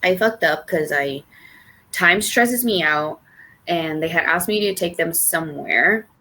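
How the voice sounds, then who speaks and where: A woman's voice: on the low side, a little slow, pushed and bright. A young woman telling a personal story on a podcast, rambling with many fillers and restarts and casual swearing. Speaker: podcast co-host.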